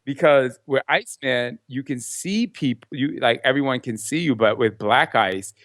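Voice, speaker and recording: An animated man chatting as a podcast guest, laughing often as he spins his stories. His voice sits in the middle of the range, recorded dry and close with no room sound. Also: mid-range voice, moderate pace, dry recording. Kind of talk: casual interview chat.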